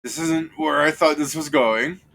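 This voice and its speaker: A man's voice: fairly high pitch, unhurried, creaky, noisy background. A man narrating a tabletop game as game master, jumping into character voices. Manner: voices characters with bursts of energy.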